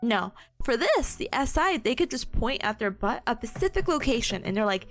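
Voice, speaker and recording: A woman's voice: on the high side, big pitch swings, normal speed, fairly bright tone, faint music behind. A woman in her twenties streaming a casual study session, chatting with viewers and reviewing notes, with a slightly sore voice and frequent giggles. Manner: giggly, bubbly, laughs often between lines; chatty, greets viewers, acts out patients. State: sore voice, occasional coughing.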